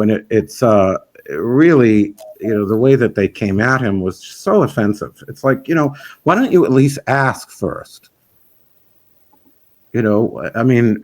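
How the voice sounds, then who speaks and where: A man's voice: medium pitch, darkish tone. Frank, rambling man chatting. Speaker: festival organizer. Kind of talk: casual interview chat.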